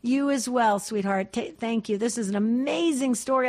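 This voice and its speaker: A woman's voice: a little high, moderate pace, darkish tone. A woman hosting a call-in radio show, effusive and repetitive, often stumbling over restarts.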